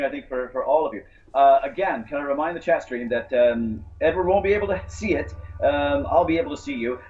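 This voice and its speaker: A man's voice: mid-range voice, darkish tone, slight background noise. A man running a quiz on a casual livestream, explaining things in a dry, wordy way. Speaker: quizmaster guest. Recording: dull lo-fi call audio.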